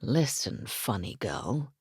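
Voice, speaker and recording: A woman reading an audiobook voices a smitten man with a British accent, low and teasing. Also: lively intonation, unhurried, no room sound, studio quality, exaggerated voice.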